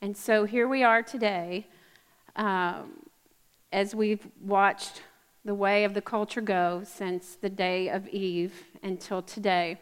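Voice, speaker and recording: A woman preaches to a live audience on a stage mic, reading scripture and then chatting with asides. Her voice sits at a middle pitch. A long echo from a large hall hangs on every word. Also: steady tone, slow pace, clean tone. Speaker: women's ministry speaker. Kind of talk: sermon with Bible reading. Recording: echoey hall.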